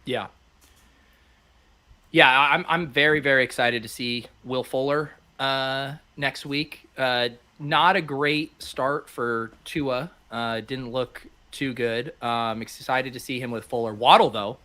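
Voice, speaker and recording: A man's voice: mid-range voice, fairly even intonation, takes it slowly, bright, forceful tone. A man co-hosting a casual sports podcast, laid-back and chatty, laughing often. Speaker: co-host.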